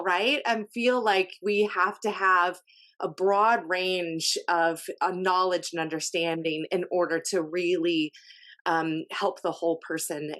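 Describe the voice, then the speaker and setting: Middle-aged lady chatting on a video call, lots of ums and restarts, mid pitch. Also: fairly bright tone. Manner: chatty, many fillers and restarts. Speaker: podcast guest, health coach. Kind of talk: casual interview chat.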